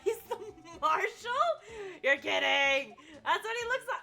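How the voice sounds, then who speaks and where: A young woman streamer reacting to a game in an excitable, chatty way. Her voice is high and bright, and faint game music plays under her talk. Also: vocal fry. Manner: excitable, chatty, quick to laugh. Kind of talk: casual gameplay commentary.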